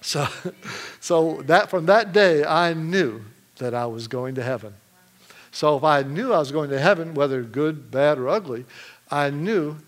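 Male preacher from Michigan, lively storyteller, laughs often, voice sits a touch high. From Michigan, USA. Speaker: preacher giving testimony. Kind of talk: sermon testimony.

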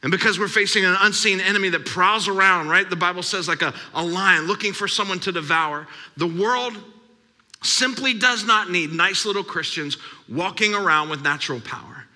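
A man's voice: sits high, normal speed, pushed and bright. A man in his thirties preaching a sermon as pastor, emphatic and repetitive. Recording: long hall reverb.

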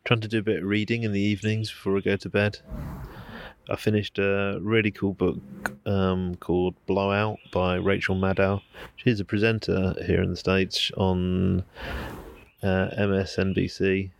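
Low gravelly man, rambling diary. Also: normal speed. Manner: rambling, relaxed, many fillers. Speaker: podcaster. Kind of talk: casual audio diary. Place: outdoors at home, near a street. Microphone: handheld recorder on the move.

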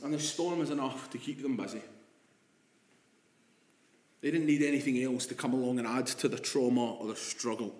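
A male preacher delivers a sermon in an echoey hall-like room. He drops to hushed, drawn-out quotations, then builds into louder, emphatic stretches. His pitch sits at a middle level for a man. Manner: shifts between hushed, slow quotes and rising emphatic passages.

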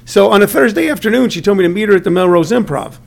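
High gravelly comedian telling stories. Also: male voice, quick pace. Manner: animated storyteller, acts out quotes. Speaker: comedian and comedy workshop teacher. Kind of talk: casual chat.

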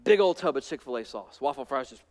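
A man preaching a sermon as pastor, animated, swinging between loud emphatic peaks and hushed asides. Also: mid-range voice, quick pace, long reverb tail.

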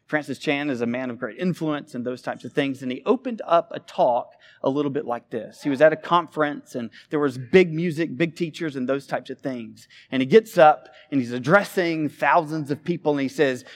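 Animated male preacher, slightly high voice. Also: normal speed, few pauses. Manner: animated preaching with big swings in loudness. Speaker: pastor. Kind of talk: sermon.

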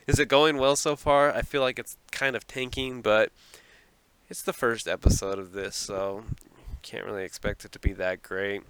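A man's voice: lowish voice, steady tone, normal speed, fairly bright tone, clean tone, poor audio. A man hosting a solo podcast from a small closet, rambling and self-deprecating and often laughing at himself. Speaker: podcast host.

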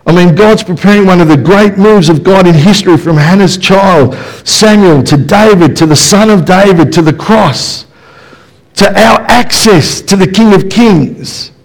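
A man with a high-pitched voice preaches a passionate, emphatic sermon at a church service that is also streamed, speaking at a measured pace and asking many rhetorical questions. He is a pastor, and the recording quality is rough.

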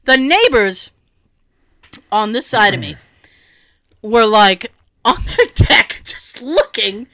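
A woman's voice: fairly high pitch, slow pace, pauses often, dry recording. A woman telling a story in casual chat, acting out what everyone said and swearing freely. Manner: animated, acts out quotes, swears freely.

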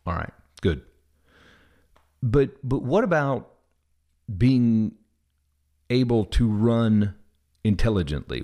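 A man from the Midwest with a Southern US accent and a mid-range voice hosts a podcast, talking through ideas in a casual monologue. He's animated and thinks aloud, restarting often.

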